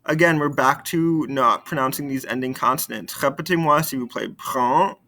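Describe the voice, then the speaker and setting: A man teaching a recorded French lesson, slowly modeling words for students to repeat. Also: medium pitch, sharp tone. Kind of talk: recorded video lesson with repetition drills.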